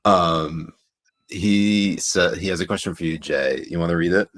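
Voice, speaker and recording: Deep-voiced man reading viewer chat. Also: unhurried, a bit bright. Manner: jokey, laughs while reading viewer comments aloud. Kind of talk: casual livestream chat.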